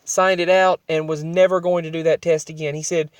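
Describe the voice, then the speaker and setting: A man's voice: a little high, level tone, fairly quick, hardly any pauses, clear, resonant tone, no room sound. A young adult man telling his own story in a vlog, rambling and emotional, often restarting his sentences.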